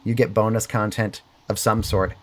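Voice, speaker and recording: A man co-hosting a casual comedy podcast, pitching ideas quickly and playfully. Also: flat delivery. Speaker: podcast co-host.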